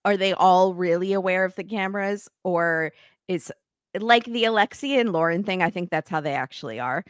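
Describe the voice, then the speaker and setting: A woman co-hosting a casual podcast, giving opinionated quick asides. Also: lowish voice, smooth, no room sound, clean studio sound. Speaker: podcast co-host. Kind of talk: casual chat.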